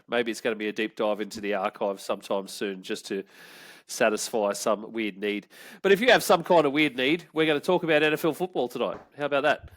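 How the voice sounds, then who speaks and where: Australian man, podcast host, mid-pitched voice, loose rambling chat, swears easily. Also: fairly bright tone, dry recording.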